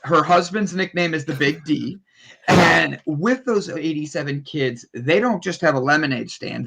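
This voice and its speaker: Man with an Ohio accent, fairly high voice, podcast guest, animated storytelling, playful exaggeration. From Ohio, United States. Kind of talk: casual conversation.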